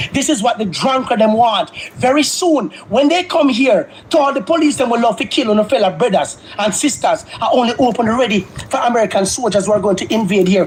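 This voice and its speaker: A man with a Jamaican accent giving an impassioned street speech, shouting, his voice breaking with emotion. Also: high voice, a little hiss or hum, low-quality recording. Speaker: protester speaking in a played clip.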